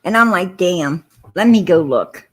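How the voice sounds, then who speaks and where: A woman hosting a casual livestream tells stories and argues bluntly and profanely with viewers; she's an adult with four kids. Her lowish voice is animated, a little slow, and has a breathy edge.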